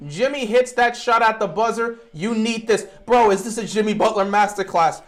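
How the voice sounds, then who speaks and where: A young man hosting a live stream, reacting to a basketball game as he watches it. He swings between quiet mumbling, pleading and sudden shouts. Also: sits high, moderate pace.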